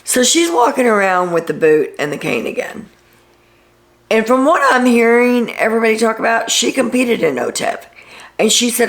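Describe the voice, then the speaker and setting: A woman's voice: a little high, big pitch swings, normal speed. A woman hosting a reality TV recap, retelling events in a casual, gossipy way with sarcastic asides.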